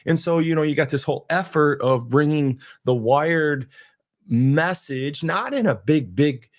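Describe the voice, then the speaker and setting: A man's voice: on the high side, lively intonation, unhurried. A man hosting a podcast, talking earnestly and rambling through a faith monologue with frequent restarts. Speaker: podcast host.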